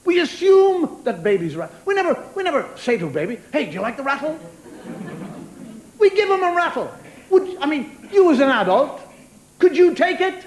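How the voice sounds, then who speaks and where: A man's voice: extremely high pitch, sing-song, brisk, a little hiss or hum, rough recording. A man performing a wry, chatty stand-up monologue, talking straight to a live studio audience. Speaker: stand-up comedian.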